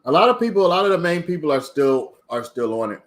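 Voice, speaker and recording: A man's voice: a little high, very animated, fast. Chatty man hosting a livestream. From Maryland. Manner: chatty, reading viewer comments aloud. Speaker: livestream host. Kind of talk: casual livestream chat.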